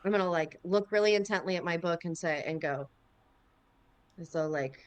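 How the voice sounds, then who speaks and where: A woman's voice: fairly low pitch, normal speed, clean tone, dry recording. A woman playing a tabletop game, talking casually and thinking aloud. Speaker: player.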